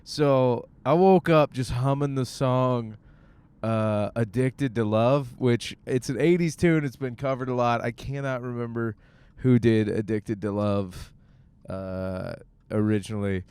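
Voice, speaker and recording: A man's voice: medium pitch, fairly even intonation, measured pace, darkish tone, clear, resonant tone. Young man, michigan, comic podcast host, joking monologue, resonant voice. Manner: jokey, riffing, acts out bits. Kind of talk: casual rambling monologue. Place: car on the way to the gym.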